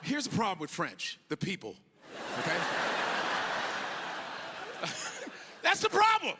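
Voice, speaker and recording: A high-pitched, wildly lively male comedian works a club stage, jumping into voices and shouting punchlines. The live recording carries clear crowd and room noise behind him. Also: takes it slowly. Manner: animated, acts out characters with big shouted outbursts. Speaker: stand-up comedian. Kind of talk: stand-up comedy set.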